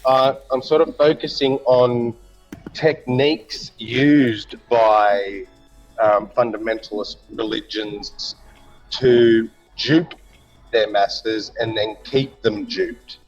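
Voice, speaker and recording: A man's voice: medium pitch, steady tone, slow pace, dull audio, faint music behind. A man talking casually on an online call, hesitant and full of fillers. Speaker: guest. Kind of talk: casual chat.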